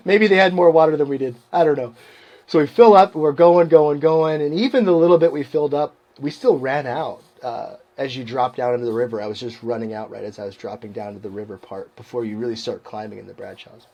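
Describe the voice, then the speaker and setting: A man's voice: mid-range voice, a little fast. A middle-aged man hosting a podcast, telling a long story in a casual monologue, laughing often and acting out the people he quotes. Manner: animated, laughs often, acts out quoted voices. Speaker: podcast host.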